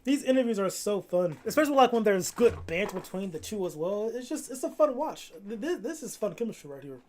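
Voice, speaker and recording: A person giving casual reaction commentary in a relaxed, slangy, enthusiastic way. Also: mid-range voice, fairly quick. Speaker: video commentator.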